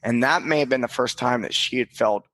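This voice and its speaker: A man's voice: mid-range voice, fairly quick, a bit bright, no echo. A man guest on a podcast, telling a candid personal story in an earnest, reflective way, with casual swearing and frequent restarts.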